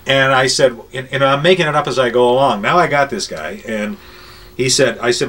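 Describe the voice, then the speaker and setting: An older man who worked as a radio morning show host looks back on his career in an interview, rambling through anecdotes with many filler pauses. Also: mid-range voice, fairly bright tone. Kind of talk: reminiscing interview storytelling. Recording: voice a bit distant from the mic.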